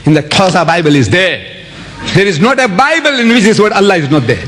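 A man from India, raised in South Africa, giving an animated public religious lecture, spelling words out letter by letter and mimicking others. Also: sits high, a little fast. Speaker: Islamic lecturer.

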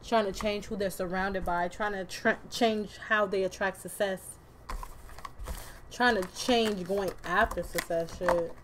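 A woman's voice: medium pitch, steady tone, a little slow, background noise. A woman doing a casual tarot reading to camera, chatty and loose, with slang, swearing and laughing asides. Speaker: tarot card reader.

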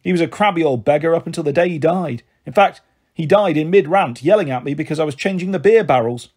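Reading a storybook aloud, a man takes on the part of a bustling, big-hearted pub-owning aunt, speaking quickly in a lifted, slightly husky voice that sits on the high side. She comes across as hearty, warm, jolly, and frank.

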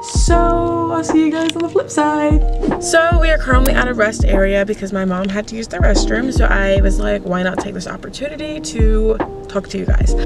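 A young woman in college chatting excitedly to her camera in a casual vlog, talking fast with many fillers like "like". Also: high-pitched. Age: young adult. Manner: excitable and gushing, full of "like". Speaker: college student vlogger.

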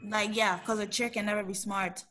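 Bright-voiced woman student on a video call. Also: medium pitch, flat delivery, normal speed, slight background noise. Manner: brief, tentative answers.

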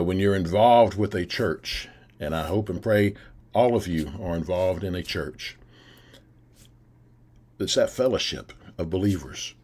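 A man's voice: low voice, breathy edge. A man preaching an earnest, encouraging sermon for a recorded video, repeating his key phrases. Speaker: pastor. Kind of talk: recorded sermon to a youth camp.

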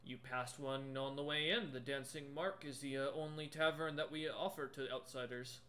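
A man voicing a polite, hulking male troll shopkeeper who speaks gently and with small hesitations. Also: medium pitch, steady tone, lightly acted. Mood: courteous. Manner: gentle, courteous, slightly halting.

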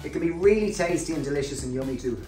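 A man's voice: on the high side, animated, racing, mellow. Guy hosting a cooking show, chatty and upbeat, echoey kitchen, bit of music behind. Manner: chatty, upbeat step-by-step narration. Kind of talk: cooking demonstration.

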